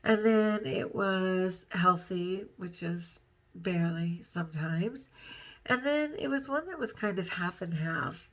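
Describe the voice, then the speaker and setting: A woman vlogger with a fairly low voice speaks slowly, chatting casually to her viewers in a personal vlog. She rambles and giggles, but she's overtired, upset, and near tears.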